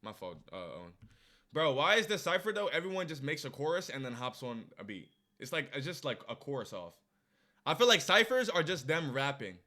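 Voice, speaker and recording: A young man streaming a casual music reaction, excitable and loud, swinging between low mumbles and sudden shouts. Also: fairly quick.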